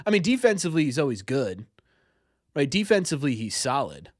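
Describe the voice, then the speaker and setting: Fairly quick and sing-song, a young man's medium-pitched voice comes through a dry, studio-quality recording. He hosts a casual sports live stream as a podcast host, rambling through viewer questions and frequently stumbling over and repeating words.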